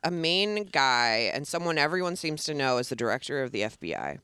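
A man's voice: medium pitch, sing-song, fairly quick, sharp tone, clean tone, no echo, studio quality. A man co-hosting a casual movie podcast, talking in a laid-back, upbeat way. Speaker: podcast co-host.

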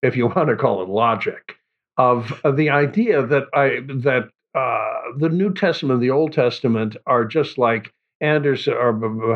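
A priest thinks aloud as he talks, stumbling over restarts. His voice sits at an ordinary pitch. The sound is dull and lo-fi. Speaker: priest guest. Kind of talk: casual chat.

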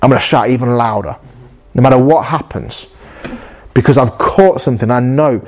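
Male preacher, mid pitch, earnest and passionate, restarts phrases as he builds his point. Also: moderate pace, a little mellow. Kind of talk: sermon.

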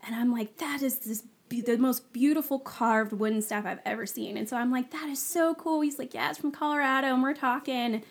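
A woman with a fairly high voice tells her own story as a guest, casual and animated. She keeps slipping into the voices of the people she quotes, peppering everything with "like". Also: fairly quick, hardly any pauses. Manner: animated, acts out quoted dialogue, frequent "like". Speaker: guest sharing her testimony.

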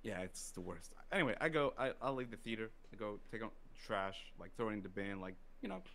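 A man telling a story in casual podcast chat, profane and animated, acting out quotes. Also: on the low side, fairly quick, vocal fry.

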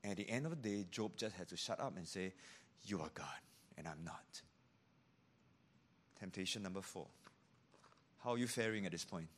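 A man preaching a sermon as pastor, animated, dropping to hushed tones for emphasis and acting out the voices he quotes. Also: medium pitch.

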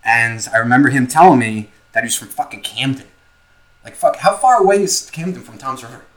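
A man's voice: mid-range voice, expressive, a little fast, a bit bright, rough recording. A young man co-hosting a casual podcast, telling a story loosely and profanely with lots of filler words. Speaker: podcast co-host.

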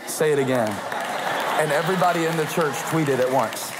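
A man's voice: on the high side, a little fast, in a large hall, over a noisy crowd, heavy background noise. A man preaching conversationally, playful and eager, prompting his co-speaker. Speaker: pastor. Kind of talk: conversational sermon.

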